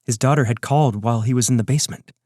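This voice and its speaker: A man reading scripted narration of a serial story in a steady storytelling manner. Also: mid-range voice, very fast, dry recording, clean studio sound.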